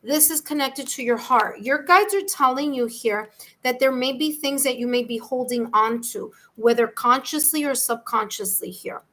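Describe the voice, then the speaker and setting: A woman with a New York accent hosts a live-stream tarot reading, chatting warmly and reassuring viewers as she calls each of them by name. Her voice sits high and sounds bright and forceful. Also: normal speed. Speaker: tarot reader.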